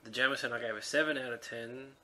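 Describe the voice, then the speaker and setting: A man's voice: medium pitch, fairly even intonation, quick pace, pushed and bright. A man hosting a podcast, chatting casually and stubbornly sticking to his score with dry, teasing comebacks. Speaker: podcast host. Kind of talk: casual chat, tasting and scoring drinks.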